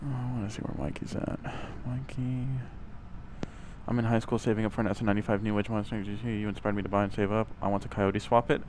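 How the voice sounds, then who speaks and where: Low-voiced joking man on voice chat. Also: level tone, fast, background noise. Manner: joking, swears freely, loose banter. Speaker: streamer playing with subscribers. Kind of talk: casual gaming voice chat.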